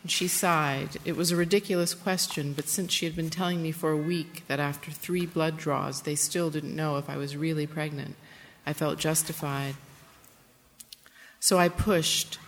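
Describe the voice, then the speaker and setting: A woman's voice: low-pitched, fairly even intonation, moderate pace. A woman author who explains her book, then reads an intimate first-person passage from it aloud, with some hesitant asides. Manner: intimate, plain-spoken reading with hesitant asides. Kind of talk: reading aloud from a memoir. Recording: roomy hall with faint background noise.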